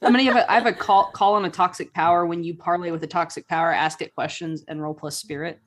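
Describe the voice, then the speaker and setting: A woman's voice: fairly low pitch, steady tone, fast talker. A woman playing a tabletop game, speaking in a matter-of-fact way and reading rules aloud. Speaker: player.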